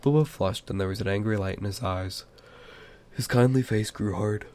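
A man reading a fantasy novel aloud in a plain, unhurried amateur narration with small stumbles. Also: fairly low pitch, darkish tone. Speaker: audiobook reader.

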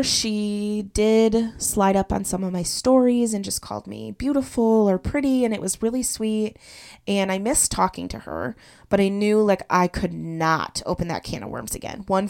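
A young woman hosting a solo podcast, retelling a personal story in an animated, confessional way. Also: fairly low pitch. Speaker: podcast host.

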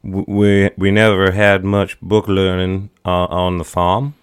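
A man's voice: sits low, little pitch movement, unhurried, smooth, no echo, clean studio sound. A man voicing a nervous young male orphan hustler who stammers in a folksy country drawl. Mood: playing dumb.

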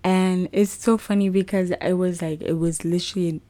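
A woman's voice: lowish voice, fairly even intonation, moderate pace, dark tone, no echo. A young woman hosting a podcast, sharing a personal faith testimony in a chatty, rambling way full of fillers. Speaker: podcast host.

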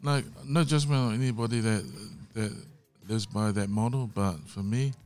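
A man's voice: lowish voice, fairly even intonation, moderate pace, darkish tone, clear, resonant tone. A man, a guest singer, talking earnestly in casual chat, often asking "you know what I mean". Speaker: guest, singer and worship leader.

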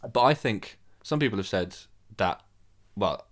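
A man's voice: lowish voice, animated. A young man from Birmingham with a mild Birmingham accent, teasing his co-host in casual podcast banter. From Birmingham, England. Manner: teasing, sweary, quick banter. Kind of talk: casual chat.

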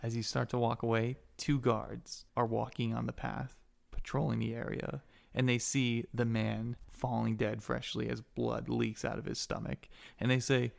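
A man's voice: medium pitch, flat delivery, vocal fry. A man narrating a tabletop role-playing game as game master, improvising scenes and calling for rolls. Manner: improvised narration with quick character voices.

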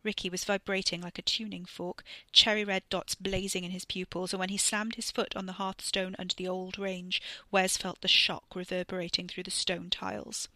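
Bright-voiced woman narrating a story. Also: lowish voice, moderate pace, few pauses, no room sound. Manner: expressive reading with voiced characters. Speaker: narrator and author.

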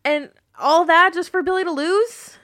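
A woman's voice: very high-pitched, normal speed, fairly bright tone. Blunt, sarcastic woman podcast co-host. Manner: blunt, sarcastic, swears freely. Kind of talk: casual wrestling recap chat.

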